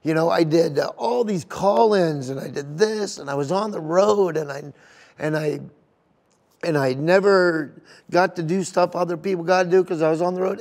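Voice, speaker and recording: A man's voice: sits high, moderate pace, a little mellow. A middle-aged man, a comedian, telling stories in an interview in an emotional, rambling way with many restarts. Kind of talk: sit-down interview storytelling. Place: golf tournament venue.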